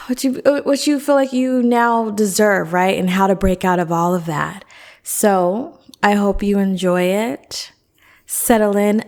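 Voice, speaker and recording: A woman therapist and coach hosting her own podcast, talking in a chatty, upbeat, rambling way with many fillers. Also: mid-range voice. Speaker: self-worth therapist and coach, podcast host. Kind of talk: casual podcast monologue.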